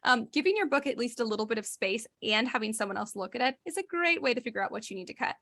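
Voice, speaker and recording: Chatty woman podcast co-host. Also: fast. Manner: chatty, animated, acts out quotes in a higher voice. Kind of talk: casual chat.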